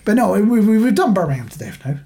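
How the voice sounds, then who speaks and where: A man's voice: sits high, very animated, fast talker, vocal fry, mellow. A man co-hosting a podcast in casual chat, rambling and self-mocking as he tells stories. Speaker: podcast co-host.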